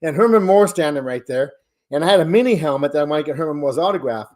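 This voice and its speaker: High-voiced man rambling through a story. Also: expressive, fast, a little mellow. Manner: rambling storyteller, swears freely. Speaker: podcast co-host. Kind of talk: casual chat.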